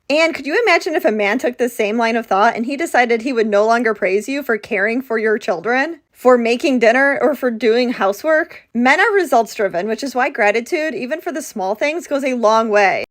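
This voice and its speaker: A woman giving opinion commentary, earnest and lecturing. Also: on the high side.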